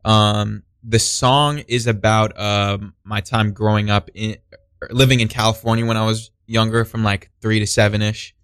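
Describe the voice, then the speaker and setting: A man in his twenties, a musician guest, talking in a relaxed, slangy and thoughtful way. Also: on the low side, normal speed, clear, resonant tone, no echo. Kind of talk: casual interview.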